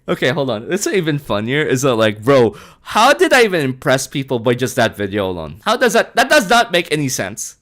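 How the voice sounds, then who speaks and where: Brief: man, casual streamer banter, lively swings in pitch, mid-height voice. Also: brisk, hardly any pauses. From Philippines. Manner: animated, laughs often, swears casually, says bro a lot. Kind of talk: casual live-stream chat.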